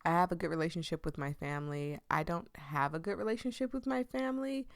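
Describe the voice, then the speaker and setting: Young woman chatting while playing a story game, low voice, dry close sound, jokey. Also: quick pace, no echo. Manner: chatty, laughing asides and put-on quotes. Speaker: game streamer. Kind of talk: casual game commentary.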